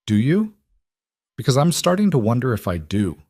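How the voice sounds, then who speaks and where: A man's voice: medium pitch, big pitch swings, moderate pace, dark tone, no room sound, clean studio sound, voice pushed up. A man voicing a tense, bitter mafia boss in an audio crime story, speaking in terse lines.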